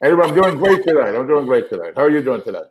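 Middle-aged male comedian guest, lively storyteller with a swinging, expressive pitch. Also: rapid-fire, rough recording. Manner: animated, acts out quotes. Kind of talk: storytelling anecdote.

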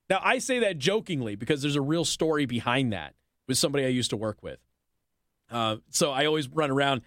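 Indignant, animated male talk radio host. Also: mid-range voice, brisk, no echo, clean studio sound. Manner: indignant, sarcastic, emphatic. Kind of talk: opinionated talk radio monologue.

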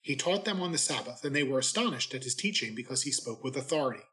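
Man reading scripture with measured reverence. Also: medium pitch, animated, bright, forceful tone, poor audio. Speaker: clergyman giving daily readings and reflection. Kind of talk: scripture reading and short homily.

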